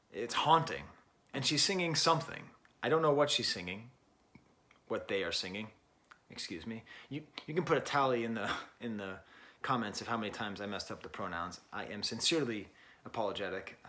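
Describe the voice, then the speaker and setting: This music reviewer is a middle-aged man with a mid-range, slightly bright voice. His spoken record review is loose and wry: he restarts often, leans on fillers, corrects himself, and lets out little laughs along the way.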